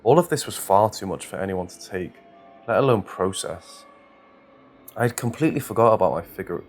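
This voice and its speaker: A man narrating a first-person horror story in a measured, scripted reading. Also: low-pitched, a little hiss or hum.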